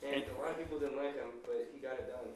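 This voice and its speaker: A man's voice: medium pitch, fairly even intonation, fast. Roomy off-mic man asking questions. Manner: short interjections and questions. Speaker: podcast host. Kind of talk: casual interview chat. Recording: roomy, noisy, from farther off the mic.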